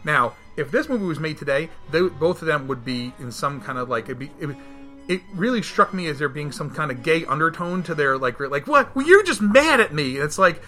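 A man recapping a movie in casual chat, animated and acting out the characters' lines. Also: brisk, faint music behind. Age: adult, married. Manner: animated, acts out quotes with big jumps in pitch. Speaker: podcast co-host reviewing a film.

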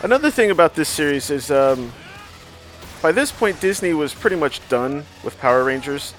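A man's voice: a little high, very animated, moderate pace, fairly bright tone, faint music behind. Chatty male reviewer. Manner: chatty, digressive, trivia-filled. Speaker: show reviewer. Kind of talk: casual watch-along commentary.

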